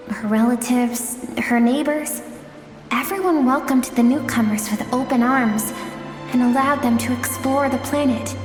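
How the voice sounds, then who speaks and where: A woman voicing a slow, wistful storyteller. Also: fairly high pitch, natural voice. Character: gentle female storyteller recounting memories. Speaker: narrator of memories. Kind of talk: game cutscene narration. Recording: echoey hall sound over game music. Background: music.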